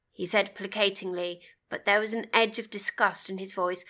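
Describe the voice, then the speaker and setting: A woman narrating an audiobook in a measured, plain storytelling manner. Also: mid-range voice, fairly even intonation, pushed and bright.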